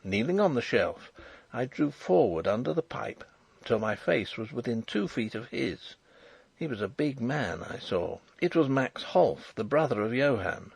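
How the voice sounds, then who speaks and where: A man reading a novel aloud as an audiobook narrator, in a measured, dramatic storytelling manner. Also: medium pitch, sing-song, creaky, husky, dry recording. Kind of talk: first-person audiobook narration.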